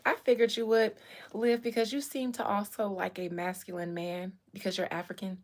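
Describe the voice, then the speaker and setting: A woman's voice: medium pitch, normal speed. Candid woman chatting on a livestream. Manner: candid, animated storytelling with blunt language. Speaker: real estate agent and livestream host. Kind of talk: casual livestream chat.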